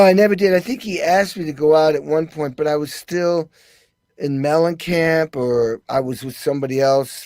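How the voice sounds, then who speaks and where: A man with a slightly high voice tells stories as a guest on a talk show. He acts out other people's lines with animated jumps in pitch. The sound is dry and close. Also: no echo. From United States. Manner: animated storyteller, acts out quotes in raised voices. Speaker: guest drummer. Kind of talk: casual interview storytelling.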